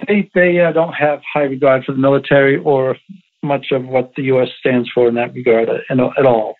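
A man's voice: medium pitch, fairly even intonation, moderate pace. A man, a guest in an interview, telling stories emphatically and repeating himself. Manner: emphatic, repetitive storytelling. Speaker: interview guest, former Navy SEAL. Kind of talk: interview over the phone. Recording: tinny phone line.

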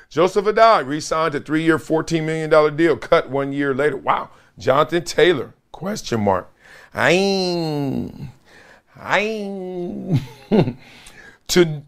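A middle-aged man hosting a sports talk show, reading viewer comments aloud with playful hype chants and frequent laughter. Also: fairly high pitch.

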